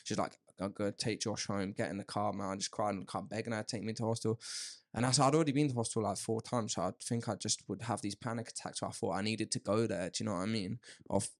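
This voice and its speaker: A man's voice: fairly low pitch, rapid-fire. A young man chatting candidly on a podcast, rambling and calling his listener "mate". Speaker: podcast host. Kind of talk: casual podcast chat.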